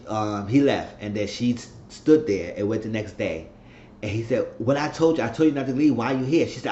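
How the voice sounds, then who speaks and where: A man's voice: lowish voice, a little mellow, slight background noise. A man giving a casual TV episode recap, retelling scenes and acting out the characters' lines. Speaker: TV show recap vlogger. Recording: echoey room, dull lo-fi sound.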